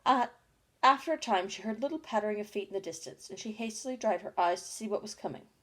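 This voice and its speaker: A woman narrating a storybook in a plain, unhurried reading with small slips. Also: mid-range voice. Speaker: audiobook reader.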